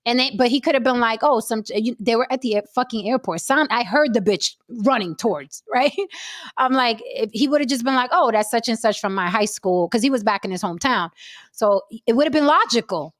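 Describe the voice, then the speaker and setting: A woman with a fairly high voice hosts a casual chat show and tells stories with lots of profanity and animated energy. Her voice sounds close and dry, with very little room sound. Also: a little fast, no room sound. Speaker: podcast host.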